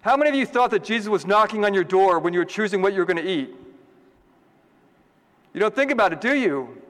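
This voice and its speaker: High-voiced priest in a reverberant church. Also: male voice, animated, fast, a bit bright. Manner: conversational, joking, asks the congregation questions. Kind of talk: homily.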